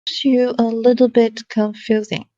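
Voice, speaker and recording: A woman teaching tones in an online lesson, slowly repeating each syllable with patience. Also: a little high, level tone, warm tone, no echo, dull audio. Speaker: Mandarin teacher.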